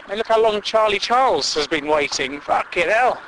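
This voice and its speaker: A man's voice: high-pitched, lively intonation, fairly quick, background noise. A man rambling through a sweary comic monologue and chuckling at his own jokes.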